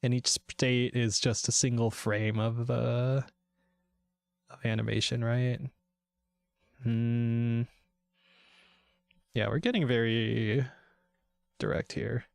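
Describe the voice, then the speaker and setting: A chatty man talking to his stream while he builds a game, wandering off on tangents with plenty of swearing and laughter. His voice sits at an ordinary middle pitch. It is recorded close and dry, with no room sound around it. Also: flat delivery, takes it slowly, vocal fry, long pauses, no echo. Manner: rambling and chatty, swears freely, laughs often. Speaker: VTuber game developer streamer. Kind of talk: casual live-stream chat.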